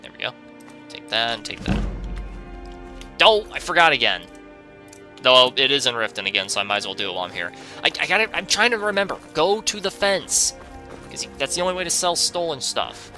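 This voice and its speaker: A man's voice: mid-range voice, sing-song, a little fast, pushed and bright, faint music behind. A man hosting a gaming video, giving rambling, wry commentary with jokey asides as he plays. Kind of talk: casual let's-play commentary.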